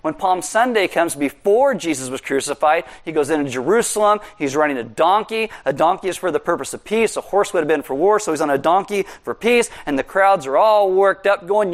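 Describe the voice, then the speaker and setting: Male pastor, sermon, high voice, conversational, animated, jokey. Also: moderate pace.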